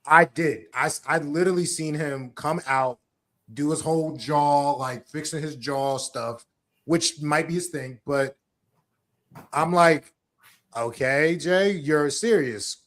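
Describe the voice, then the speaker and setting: A man co-hosting a wrestling podcast, blunt and animated, breaking into quick impressions as he rants. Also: on the high side. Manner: blunt, animated, mimics wrestlers mid-rant. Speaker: podcast co-host. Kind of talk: casual wrestling chat.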